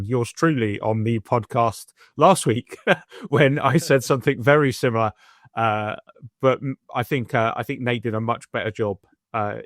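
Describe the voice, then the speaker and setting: A man's voice: lowish voice, fairly bright tone, dry recording, clean studio sound. A man co-hosting a sports podcast, chatting in a jokey, good-humoured way. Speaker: podcast co-host. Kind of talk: casual sports chat.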